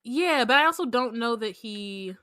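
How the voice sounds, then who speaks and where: A woman co-hosting a casual book podcast, chatting and chiming in with quick agreement. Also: on the high side, animated, pushed and bright, clear, resonant tone, dry recording, clean studio sound. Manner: conversational, quick agreeing interjections. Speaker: podcast co-host.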